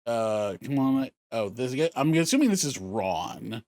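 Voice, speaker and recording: A man's voice: medium pitch, animated, unhurried, darkish tone, a little hiss or hum. A man hosting a let's play, chatting casually and teasing his co-player with laughter. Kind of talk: casual chat while playing.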